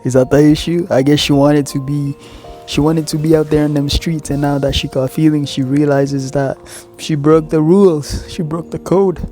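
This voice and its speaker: A man talks through his reactions in a laid-back, blunt way. His tone is warm and fairly flat. Faint music plays underneath. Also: on the high side, normal speed. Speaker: commentary host. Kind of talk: casual reaction commentary.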